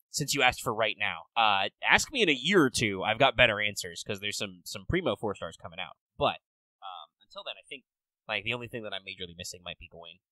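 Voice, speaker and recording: A man co-hosting a podcast, chatting casually with relaxed, wry asides. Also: on the low side, no echo, low-quality recording. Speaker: podcast co-host. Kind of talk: casual chat.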